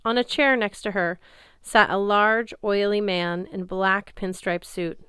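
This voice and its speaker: A woman narrating a story in the first person with steady, expressive reading. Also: mid-range voice, measured pace, smooth, no echo, clean studio sound. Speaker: audiobook reader.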